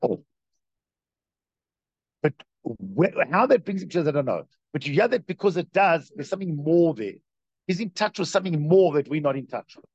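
A man's voice: a little high, sing-song, moderate pace, long pauses, darkish tone, slightly rough, dry recording. A man giving a conversational religious lecture, telling stories and putting questions straight to his listeners. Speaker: teacher of a Jewish religious class. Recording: dry, dull lo-fi recording.

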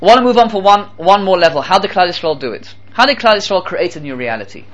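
A man giving a Torah talk as a sermon, animated and repeating phrases for emphasis, with Hebrew terms mixed in. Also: sits high, quick pace. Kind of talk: sermon with storytelling.

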